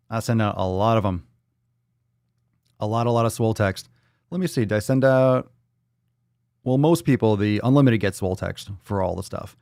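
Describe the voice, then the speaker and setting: A man's voice: lowish voice, a little mellow, smooth, no echo, clean studio sound. A man hosting a casual livestream podcast, talking loosely and swearing freely while reading chat comments aloud. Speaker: podcast host. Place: indoors at home.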